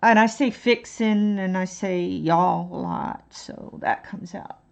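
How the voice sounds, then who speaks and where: Woman from Texas, casual coloring-stream chatter, slow and rambling, gravelly fry. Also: medium pitch, darkish tone. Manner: rambling, laughing, self-deprecating.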